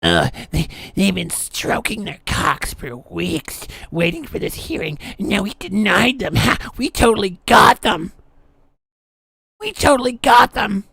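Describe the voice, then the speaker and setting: A woman's voice: mid-range voice, expressive, a little slow, gravelly, a bit bright, breathy edge, no echo, exaggerated voice. A woman mocking a gloating smug troll. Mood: mock triumph. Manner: sarcastic, mock-triumphant. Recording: dry, from off the mic.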